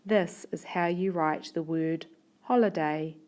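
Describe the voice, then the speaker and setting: Female teacher, lowish voice, unhurried, sounds out syllables for young learners. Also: darkish tone. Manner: stretches words out syllable by syllable, sounding out letters. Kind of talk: slow, deliberate classroom spelling lesson.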